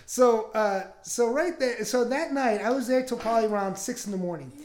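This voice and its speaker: A man's voice: extremely high pitch, normal speed, a little mellow. A man on a podcast telling a crude story in a casual, rambling way, laughing often. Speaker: podcast host.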